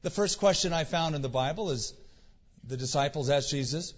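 A pastor preaches a sermon in a casual, conversational manner, acting out quotes with mock voices. His voice is a little high and at normal speed. The recording sounds dull, with long hall reverb.

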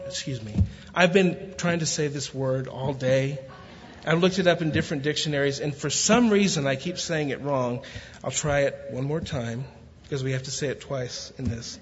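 A man's voice: a little high, moderate pace, fairly bright tone. Man, guest pastor, sermon, country way of talking, slightly dull recording, long church reverb. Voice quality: self-described country way of talking. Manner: reads scripture steadily, then jokes and preaches with rising fervor.

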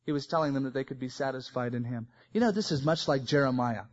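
A man preaching a sermon, swinging between loud emphasis and soft, quiet phrases. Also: medium pitch, fast talker, dull audio. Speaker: pastor.

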